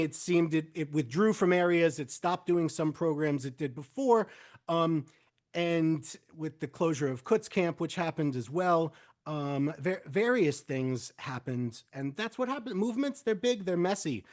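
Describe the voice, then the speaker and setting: A man who is a guest rabbi on a podcast interview, speaking in a measured, hesitant way as he weighs his words. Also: fairly high pitch, a little mellow.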